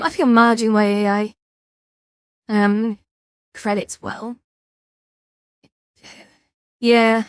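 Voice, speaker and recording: A woman's voice: on the high side, dry recording, studio quality. Tired, chatty woman streamer. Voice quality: rambling, chatty, with frequent restarts and fillers. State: tired, yawning. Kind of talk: casual chat.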